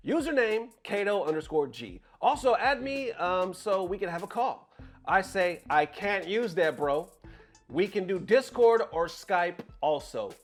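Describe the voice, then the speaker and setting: Animated, profane man telling a story. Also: on the high side. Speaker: content creator. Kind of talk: casual storytelling vlog. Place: bedroom.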